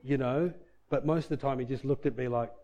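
A man's voice: medium pitch, steady tone, fairly quick, mellow, highs cut off. Earnest man telling his faith testimony. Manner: earnest and emotional, with frequent "like" and "you know" and reenacted quotes. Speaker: speaker sharing a personal faith testimony. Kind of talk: personal testimony storytelling.

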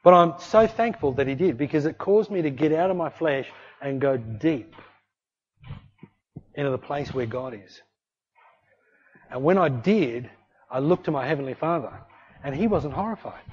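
A man preaching a sermon in a conversational, animated way, acting out little voices in his stories. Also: a little high, moderate pace, long pauses, husky. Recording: dull lo-fi recording.

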